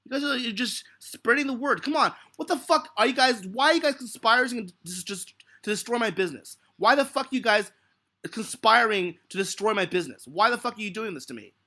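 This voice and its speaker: Irate stream host, sharp tense voice, cursing at chat, swings up and down. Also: male voice, very high-pitched, animated, fairly quick. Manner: angry, defensive, swearing heavily. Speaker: livestreaming stock market analyst. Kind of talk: live stream rant at viewers.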